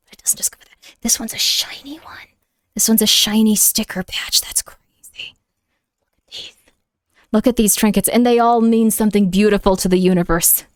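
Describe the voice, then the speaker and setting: A woman streamer chatting casually during an unboxing, gushing with excitement and often slipping into a half-whisper. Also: medium pitch, moderate pace. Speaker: VTuber streamer.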